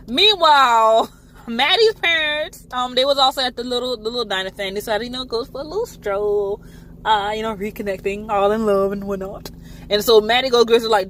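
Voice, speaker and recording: Woman reviewer, animated casual recap, slightly high pitch. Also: fairly quick, a little hiss or hum. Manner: chatty, animated, swears freely. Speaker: TV show reviewer.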